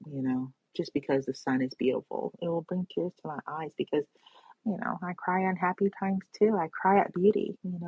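Woman, very husky breathy voice, dry close sound, earnest reflective monologue, dull lo-fi recording. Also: on the low side, dry recording. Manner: earnest, spiritual, peppered with "right?" and "you know".

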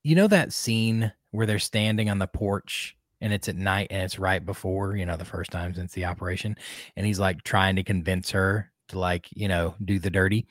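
A low-voiced man talks on a podcast in loose, animated chat. He rambles with plenty of fillers, and the dry close sound has no room echo at all. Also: normal speed. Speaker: podcast co-host. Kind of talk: casual chat.

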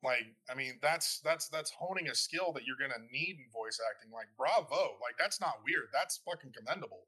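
A middle-aged man in casual chat as a podcast guest, animated and swearing freely as he tells stories. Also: medium pitch, moderate pace, slightly rough.

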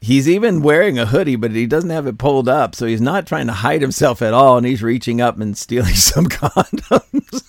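A man's voice: mid-range voice, animated, normal speed, dry recording, clean studio sound. A man hosting a commentary show, reading a news story aloud and repeatedly breaking into laughter. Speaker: commentary channel host.

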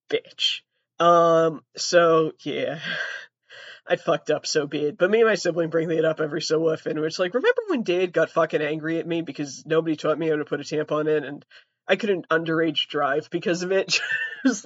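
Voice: mid-range voice, no room sound. A young adult trans comedy podcaster telling stories in a profane, rambling, self-mocking way. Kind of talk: comedic storytelling. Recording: dull, dry lo-fi audio.

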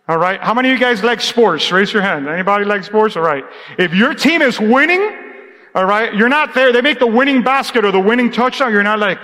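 A man preaching to his church in a high, bright voice. He calls out to the congregation and then drops to a near-hush for emphasis. His voice rings with the long reverb of a church hall. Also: expressive, a little fast. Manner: preaching with call-and-response, drops to a hushed tone for emphasis. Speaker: pastor. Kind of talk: sermon. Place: church sanctuary.

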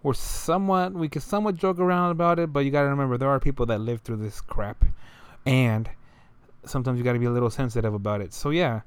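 A man's voice: medium pitch, quick pace, clean tone, no room sound. A young man telling a story in a loose, rambling way, full of slang and fillers. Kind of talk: casual storytelling monologue.

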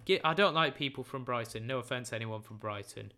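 A man's voice: mid-range voice, animated, fast talker, hardly any pauses, pushed and bright. A man hosting a football podcast, reading out scores and lineups in a chatty, jokey, opinionated way. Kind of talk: casual football results roundup.

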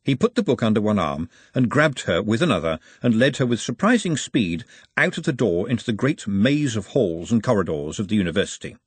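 A man narrating an audiobook in a wry, expressive way. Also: lowish voice, fairly quick, slightly rough, no echo. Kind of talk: scripted narration.

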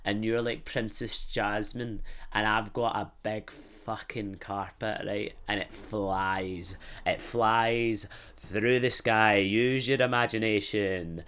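A young Glaswegian man chats away on his podcast, swearing freely and rambling from one joke to the next. His voice sits a little low, and he giggles at his own stories. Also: a bit bright. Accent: Glaswegian Scottish. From Scotland. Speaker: podcast host. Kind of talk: casual comic chat.

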